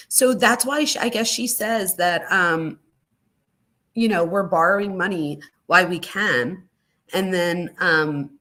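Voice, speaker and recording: A woman hosting a live true crime reaction stream, chatting to viewers in an animated way. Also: lowish voice. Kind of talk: live-stream reaction reading letters aloud.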